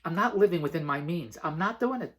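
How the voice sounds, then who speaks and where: A man's voice: a little high, expressive, quick pace. A man vlogging a casual motivational monologue, rambling and emphatic, laughing often between phrases. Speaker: vlogger and entrepreneur.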